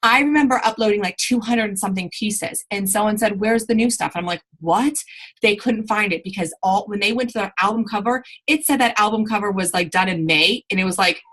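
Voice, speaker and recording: A woman's voice: medium pitch, quick pace, few pauses, fairly bright tone, low-quality recording. A woman coaching her sales team in a live online training, chatty and rambling, often stopping to correct herself.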